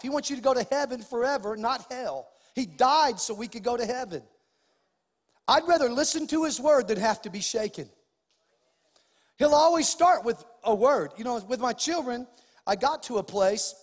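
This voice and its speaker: A middle-aged man preaching a sermon as pastor, acting out lively bits of dialogue as he goes. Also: very high voice, big-room sound. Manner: preaching with acted-out dialogue and rising emphasis.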